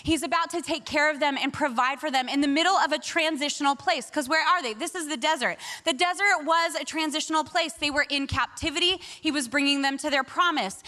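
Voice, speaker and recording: A woman in her forties preaching a sermon, telling stories in an animated way and laughing often. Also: high-pitched. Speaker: pastor.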